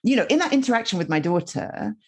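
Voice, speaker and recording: A woman guest on a podcast, a storytelling coach explaining her ideas in casual, animated conversation. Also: on the high side, fast talker, husky. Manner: animated, explaining with many asides.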